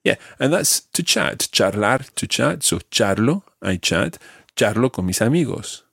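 Man, Spanish teacher, lively pitch, gravelly tone, dry close sound. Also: no echo. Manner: patient, models pronunciation slowly. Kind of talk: language lesson drills.

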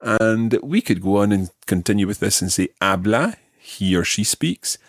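A man whose voice sits on the low side and is expressive gives Spanish drills, slowly and patiently modelling pronunciation of verb forms and stress for the learner. The studio recording is clean and free of echo.

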